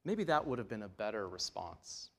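A man's voice: lowish voice, very animated, moderate pace, vocal fry. A man preaching a sermon in an earnest, emphatic way, his voice rising and dropping to stress key points.

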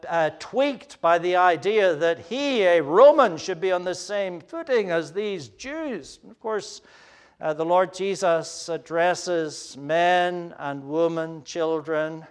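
Here a man preaches an expository sermon in a voice that sits high, smooth and lively in intonation. His manner is earnest and explanatory, with frequent pauses on fillers and asides directed at the children.

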